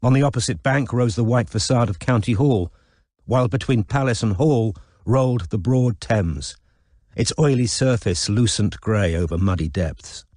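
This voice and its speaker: In a studio-quality recording free of room sound, a fairly low-pitched man narrates an audiobook. His scripted reading is measured and expressive.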